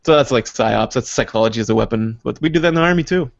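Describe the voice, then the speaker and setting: A man's voice: medium pitch, fast talker, gravelly, no echo, lo-fi sound. A man, an army veteran, telling rambling, profane stories on a casual podcast. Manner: rambling, profane, laughs through his stories.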